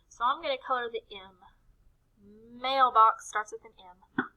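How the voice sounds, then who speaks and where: A woman teacher leading a recorded phonics lesson for young children. She talks slowly in a gentle sing-song way, stretches out each letter sound, and asks questions that she then answers herself. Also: fairly high pitch, low-quality recording.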